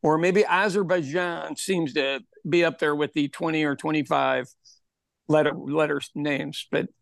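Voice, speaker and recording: A man's voice: on the high side, fairly even intonation, a little slow, vocal fry, a bit bright, no echo. A man co-hosting a podcast in casual chat, rambling and repeating words, laughing often. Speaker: podcast co-host.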